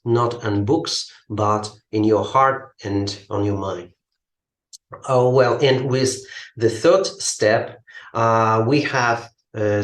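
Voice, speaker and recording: A man teaches about his course at an unhurried, halting pace, stopping often on fillers. His somewhat low voice rings in an echoey room. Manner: slow, halting, many fillers. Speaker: English teacher. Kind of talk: explaining a language course.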